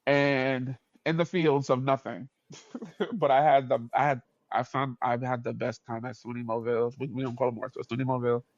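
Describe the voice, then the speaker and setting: A man from New York, speaking with a New York accent, tells a story as a podcast guest with an animated, expressive delivery. He acts out the people in his story, jumping up in pitch and laughing often. His voice sits at an ordinary middle pitch, and the audio is dry and a little dull. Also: moderate pace, dry recording. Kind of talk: casual storytelling in conversation.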